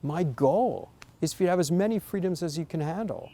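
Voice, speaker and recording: A man's voice: fairly high pitch, animated, fairly quick, warm tone. A man giving an earnest, coaching talk to parents, stressing key points with emphasis. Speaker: parenting educator. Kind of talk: instructional talk to camera.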